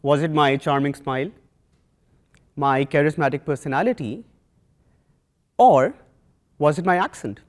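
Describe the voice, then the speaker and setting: A young man from Pakistan with a South Asian accent, giving a prepared, earnest talk with measured rhetorical pauses. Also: fairly high pitch. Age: young adult. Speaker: student speaker.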